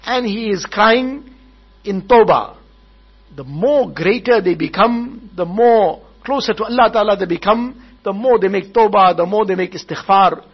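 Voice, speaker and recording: A man with a high, gravelly voice delivers a storytelling sermon at a wedding gathering. He is husky and slightly breathy, and he goes over every point again and again. The recording is dull and lo-fi. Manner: repetitive, retells each point several times.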